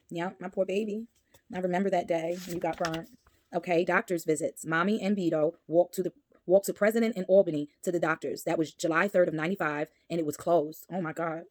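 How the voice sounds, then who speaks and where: A woman's voice: lowish voice, darkish tone, no room sound, clean studio sound. A woman, casually reading aloud from her son's baby book and reminiscing, chatty and laughing often. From Brooklyn, New York.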